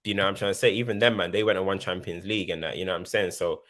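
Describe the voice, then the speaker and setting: A man's voice: low-pitched, fairly even intonation, rapid-fire, fairly bright tone. A man co-hosting a casual football chat, laid-back and slangy, pressing his points with asides. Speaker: football pundit co-host.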